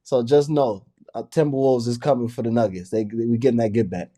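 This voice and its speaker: A man's voice: medium pitch, steady tone, a little fast, warm tone. A man co-hosting a casual basketball show, playful and teasing in his banter. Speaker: co-host.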